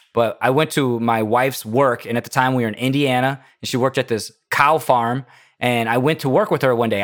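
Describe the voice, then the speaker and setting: Easygoing male podcast host. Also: mid-range voice. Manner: relaxed, encouraging interviewer. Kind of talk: casual chat.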